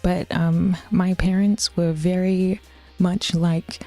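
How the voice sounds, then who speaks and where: A woman's voice: fairly low pitch, flat delivery, slow, warm tone, soft background music. A woman streamer chatting casually with viewers during a workout, often half-whispering, laughing and swearing freely. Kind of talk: casual livestream chat while working out.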